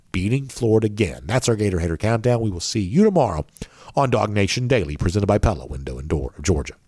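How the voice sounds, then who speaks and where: Fast-talking nasal sports host. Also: male voice, fairly low pitch, animated, a little mellow, no echo, clean studio sound. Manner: rambling with many fillers. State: nasal, throat worn from allergies. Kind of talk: casual podcast commentary.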